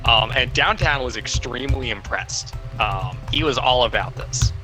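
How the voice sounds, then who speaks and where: A man's voice: medium pitch, moderate pace, music in the background, poor audio. A young man talking through a game on a livestream in a rambling way, full of fillers. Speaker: game player. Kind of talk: casual livestream chat.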